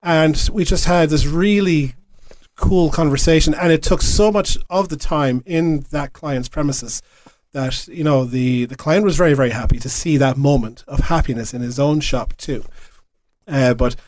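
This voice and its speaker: A man's voice: fairly high pitch, moderate pace, a little mellow, no room sound. A man at a radio station, telling an earnest story in a casual podcast chat. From Ireland. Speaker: radio station staff member. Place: radio studio.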